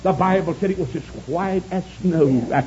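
Fervent male preacher, high voice, lo-fi church recording with congregation. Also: normal speed, slight background noise. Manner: fervent, shouts praise, folksy storytelling. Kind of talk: sermon.

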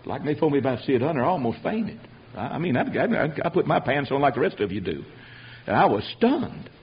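A man preaching a sermon, telling stories with lively rhetorical asides. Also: mid-range voice, a little fast, breathy edge. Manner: animated storytelling with rhetorical asides. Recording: dull lo-fi recording.

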